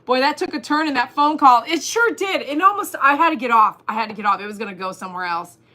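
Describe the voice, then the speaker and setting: Bright-voiced woman hosting a chatty livestream. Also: sits high, quick pace. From Texas. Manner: animated, laughs often, reads chat aloud. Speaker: livestream host. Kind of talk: casual livestream chat reading comments.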